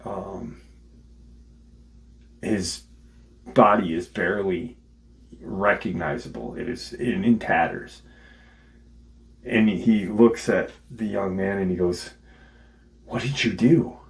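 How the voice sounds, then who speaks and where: Male host, deep and unhurried, recounting a story loosely with frequent ums. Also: vocal fry, rough recording. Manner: halting, many ums and restarts. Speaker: podcast host retelling a listener's encounter. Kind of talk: casual spoken storytelling.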